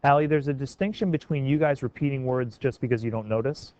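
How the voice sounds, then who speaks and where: A man's voice: medium pitch, fast talker, a little mellow, lo-fi sound. A man teaching a class, calling on students by name and coaxing them to try sentence revisions. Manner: encouraging, questioning students by name.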